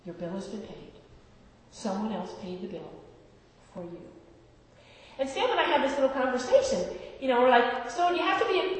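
A woman preaching a storytelling sermon, her slightly high voice carrying through a large reverberant hall. She is picked up from well back in the room, so the long reverb surrounds every word. She talks conversationally, breaking into laughter and building to emphatic peaks. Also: big pitch swings, a little fast. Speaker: pastor. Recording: roomy hall from far off.

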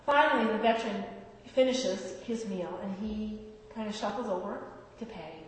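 A woman giving a storytelling sermon in a relaxed conversational way, laughing at times and rising in emphasis. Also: mid-range voice, normal speed. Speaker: pastor. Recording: roomy hall from far off.

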